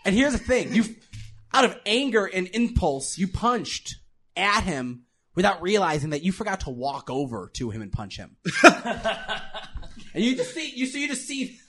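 A man's voice: high voice, sing-song, moderate pace, a bit bright, a little hiss or hum. A young man narrating a tabletop game as game master, rambling with many restarts and laughs.

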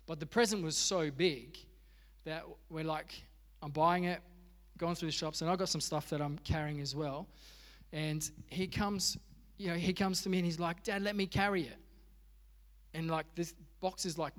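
A man's voice: on the high side, big-room sound. A man preaching a sermon in a conversational way, acting out little dialogues. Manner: conversational, acts out quoted dialogue. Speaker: pastor.

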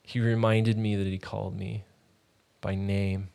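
A man hosting a ministry podcast, telling a personal faith testimony in an earnest, halting, conversational way. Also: on the low side, level tone, gravelly, darkish tone, clean tone.

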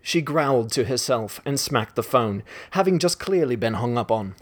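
A man reading his own short story aloud in a brisk, deadpan manner. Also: medium pitch.

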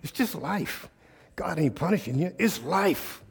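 A husky, slightly high-voiced male preacher, giving a sermon in a call-and-response style. His voice is somewhat raspy and sits a little above the usual male range. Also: a little slow. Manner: call-and-response preaching, rising to loud animated storytelling.

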